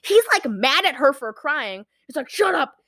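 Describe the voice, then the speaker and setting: A woman's voice: high voice, normal speed, no room sound, clean studio sound. Chatty woman recapping a horror movie. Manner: animated storytelling, lots of fillers. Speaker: podcast co-host. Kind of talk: casual movie recap chat.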